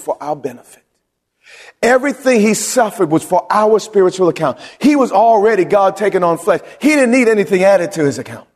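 A male pastor preaching a sermon, drawing answers from the congregation with questions and rising to shouts at its peaks. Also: high-pitched, big-room sound.

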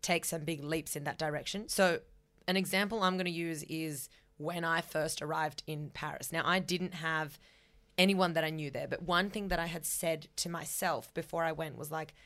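Young aussie woman podcasting, fairly low voice, chatty and blunt, drops swear words. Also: fairly even intonation, moderate pace, a bit bright. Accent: Australian. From Australia. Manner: candid and chatty, swears freely. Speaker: podcast host. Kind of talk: casual advice and storytelling.

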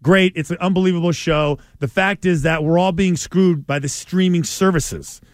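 A man co-hosting a radio sports show in casual banter, animated and emphatic, quick to complain. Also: high voice, no echo, studio quality.

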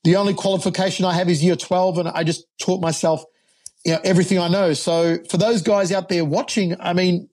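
An Australian man in his forties, a fight commentator, telling animated stories as a guest on a podcast. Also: high-pitched, fairly quick. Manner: animated storyteller, laughs often. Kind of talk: podcast interview storytelling.

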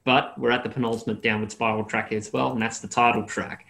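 A man's voice: lowish voice, little pitch movement, brisk, gravelly, fairly bright tone. A man hosting a casual music podcast and steering the conversation. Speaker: podcast host.

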